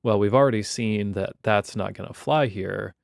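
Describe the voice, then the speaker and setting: Male university lecturer, gravelly, relaxed and wry, dry close recording. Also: lowish voice, normal speed, dry recording. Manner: wry, conversational explaining.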